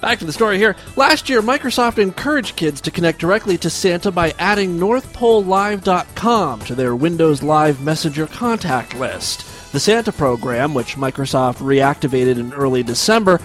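A man's voice: on the high side, a bit bright. A man hosting a crude, mocking comedy news show. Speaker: host.

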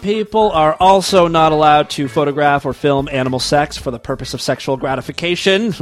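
A man's voice: on the high side, animated, normal speed, few pauses, no room sound. A man hosting a comedy news podcast, reading stories aloud and mocking them with crude jokes, laughing at his own lines.

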